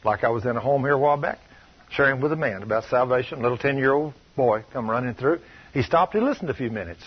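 A man preaching a sermon, telling personal stories in a stern, emphatic way, often dropping to a low, soft tone. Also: fast talker, slightly rough, dull audio. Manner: stern, emphatic storytelling, shifting loud and soft.

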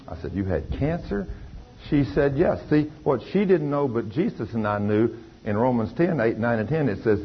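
An older man with a drawl tells his testimony in an emphatic, folksy preaching style. His voice sits fairly low. The recording is dull and lo-fi, with a faint hiss behind him. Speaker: lay preacher giving testimony. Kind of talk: testimony sermon.

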